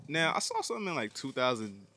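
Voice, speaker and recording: A man's voice: medium pitch, sing-song, fast, a crowd in the background. A man hosting a podcast, asking questions in a joking, slangy way. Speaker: podcast host. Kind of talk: casual interview.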